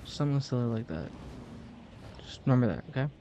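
A man's voice: medium pitch, animated, fairly quick, dull audio, noisy background. A young man giving jokey, rambling commentary over a game he is playing. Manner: rambling, jokey, self-mocking. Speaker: gaming video host. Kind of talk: casual gameplay commentary.

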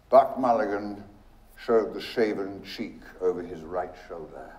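A man giving a measured, expressive dramatic reading of literary prose. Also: low-pitched. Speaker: reader. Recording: echoey room.

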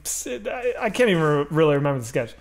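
Guy on a comedy stream, high voice bouncing all over, telling stories. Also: gravelly. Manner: animated storyteller, slips into quick impressions. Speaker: comedy group member, stream co-host. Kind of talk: casual chat, anecdote telling.

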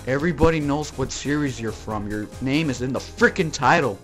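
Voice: mid-range voice, brisk, soft background music. A YouTuber from Texas hosting a jokey, rambling comedic toy review with plush skits. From Texas, United States.

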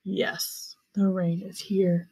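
A woman voicing a lazy male lion in a storybook, speaking low and soft with a purr and sighs. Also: level tone, slow pace, slightly rough, no echo, heavily acted. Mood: content. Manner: low, soft, purring and sighing.

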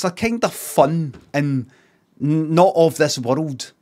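A man with a Scottish accent, streaming casually and reacting out loud in a rambling, repetitive, sweary way. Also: fairly high pitch, slow.

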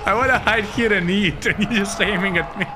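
A man giving casual, excitable gameplay commentary as a streamer, yelping at sudden moments. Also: sits high, brisk, heavy background noise.

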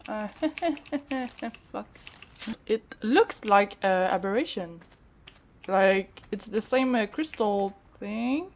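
A woman who is not a native English speaker, giving excitable let's-play commentary that swings into squeals and swearing. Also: mid-range voice, extremely slow, highs cut off. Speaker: gaming YouTuber.

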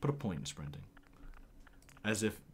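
Male streamer, wry banter, lively pitch, faint hiss behind. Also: moderate pace. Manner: wry, swears, laughs easily. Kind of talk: casual game-stream banter.

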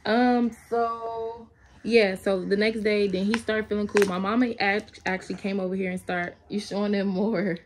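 A woman's voice: medium pitch, level tone, moderate pace, slight background noise. A young woman, chatting casually in a home video diary and talking to her toddler now and then. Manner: chatty, talks to her toddler between updates. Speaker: family vlogger.

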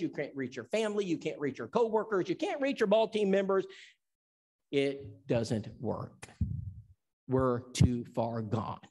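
A man's voice: high voice, a little mellow. A man from Tennessee who teaches an evangelism seminar. He preaches in an emphatic storytelling style and acts out the dialogue. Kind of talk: sermon.

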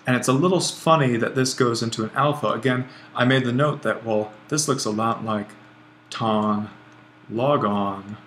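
A man teaching a grammar lesson over a screencast, relaxed and thinking aloud as he writes, often correcting himself. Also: medium pitch, normal speed, slight background noise. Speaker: Greek language instructor.

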